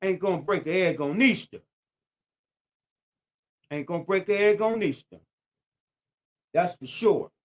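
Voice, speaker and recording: This man's high, expressive voice moves unhurriedly, broken by long pauses, as he talks on his own live stream. Again and again he repeats his phrases with a preacher's emphasis. Every so often he stops to say hello to viewers by name, speaking straight to them.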